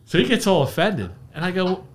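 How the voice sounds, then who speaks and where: A man's voice: high voice, big pitch swings, fairly quick. A man from Philadelphia, a guest on a podcast, telling stories in an easygoing way with many fillers and restarts. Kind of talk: casual chat.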